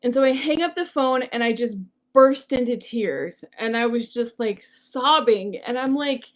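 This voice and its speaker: A woman's voice: fairly high pitch, a little slow. A woman hosting a solo podcast, talking in an earnest, conversational way with frequent "like" and "um". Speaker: podcast host.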